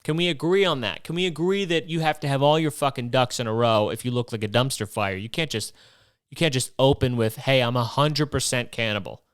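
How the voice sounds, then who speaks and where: Hosting a podcast, a young man rambles through a comic rant packed with profanity and rhetorical questions. His voice is medium-pitched and smooth, a little fast. The studio-quality sound has no room sound at all.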